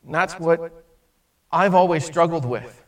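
A man preaching a sermon in an animated way, acting out the voices in his stories and swinging between loud emphasis and hushed moments. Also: fairly high pitch, unhurried, recorded from a distance.

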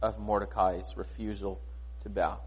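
A man preaching a sermon in a conversational, animated way, often asking rhetorical questions. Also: on the low side, normal speed, husky, dull audio. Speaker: pastor.

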